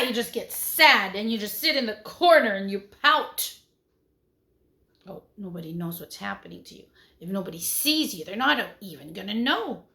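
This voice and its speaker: This woman is a preschool teacher giving young children a lesson online. She speaks in a lively, sing-song way with shifting pitch and loudness, frequently questioning the children.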